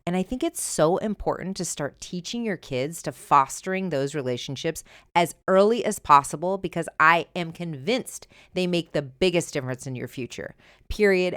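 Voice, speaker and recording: Middle-aged woman, solo podcast host, emphatic conversational delivery, slightly low, smooth voice, dry close sound. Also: dry recording. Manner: emphatic, conversational, animated when retelling. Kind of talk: solo podcast advice talk. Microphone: earbuds with mic.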